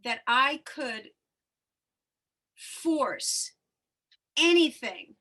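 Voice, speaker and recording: A woman hosting a casual spiritual conversation, telling a personal story in an animated, emotional way. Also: sits high, extremely slow. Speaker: host.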